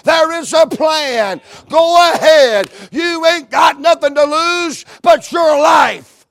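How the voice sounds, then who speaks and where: A man preaching a sermon, building rhythmic, repetitive lines up to shouts and acting out stories with quoted dialogue. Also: very high voice, slow pace.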